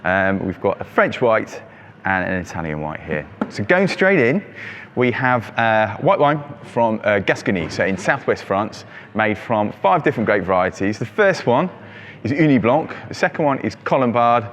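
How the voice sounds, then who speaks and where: A man's voice: on the low side, very animated, normal speed, a bit bright, a little hiss or hum. A man hosting a monthly wine selection, chatting casually with many ums and fillers. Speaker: wine shop host presenting monthly selection. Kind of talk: casual product talk. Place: shop with traffic outside.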